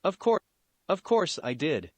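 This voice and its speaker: A courteous teenage schoolboy speaks mildly and calmly, as a man reads him. The voice sits slightly high and moves around a lot. It is recorded dry and close. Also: a little slow, no room sound. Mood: polite. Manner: polite, mild. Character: earnest, polite teenage schoolboy, unflappable.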